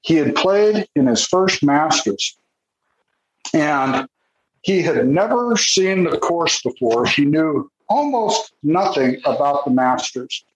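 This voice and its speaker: Man, casual storytelling, lively swings in pitch, fairly high voice. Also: slow, reverberant, rough recording. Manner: animated, jumps into high voices when quoting people. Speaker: author recounting interviews with golfers.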